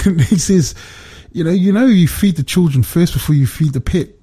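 A man's voice on the high side, at normal speed, with a dark tone and a breathy edge, explains the Bible conversationally. He goes step by step and keeps checking in with his listener through "right?" and "you know".

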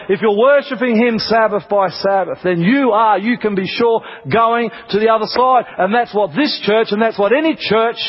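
Impassioned husky-voiced male preacher. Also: high voice, highs cut off. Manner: impassioned preaching, builds to emphatic peaks. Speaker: pastor. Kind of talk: sermon.

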